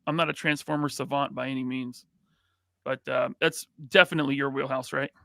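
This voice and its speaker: With a creaky, sharp, mid-range voice and fairly even intonation, an American podcast host works through his live chat, calling out names and offering quick, upbeat, casual greetings. The recording is studio quality with no echo.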